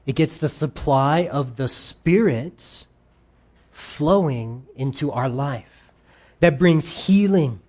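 A pastor preaching a sermon, reading scripture aloud and explaining it, with emphatic stresses that drop into quiet asides. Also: mid-range voice.

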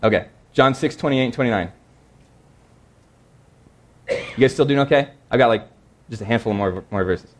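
A man preaching a sermon in a conversational, earnest way, slowing down to read scripture verses. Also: medium pitch.

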